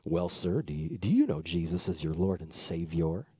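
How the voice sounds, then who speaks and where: A man's voice: low voice, sing-song, normal speed, dark tone, breathy edge, dry recording, studio quality, pitched below the performer's own voice, full character voice. A man doing a grave old preacher. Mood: solemn. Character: stiff old male Pentecostal pastor, formal and solemn.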